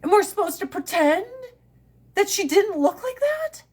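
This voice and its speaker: Woman, casual livestream host on a phone, blunt, profane and animated. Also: very high voice, a little slow.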